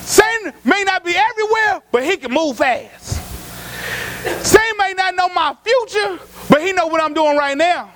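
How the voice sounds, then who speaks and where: High-voiced preaching man. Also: lively intonation, normal speed, slight background noise. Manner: storytelling preacher, acts out quotes, rises to shouts; colloquial, folksy phrasing. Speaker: pastor. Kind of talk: sermon.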